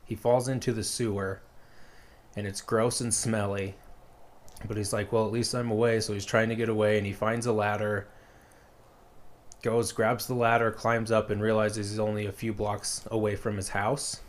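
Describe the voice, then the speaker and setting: A man's voice: lowish voice, little pitch movement, moderate pace. A man casually retelling a story as a podcast co-host, rambling with lots of fillers.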